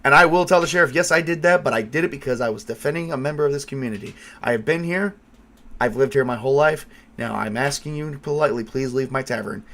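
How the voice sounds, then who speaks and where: A man voicing a calm, stern old male tavern keeper who speaks low and firm. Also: quick pace, natural voice. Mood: threatening calm.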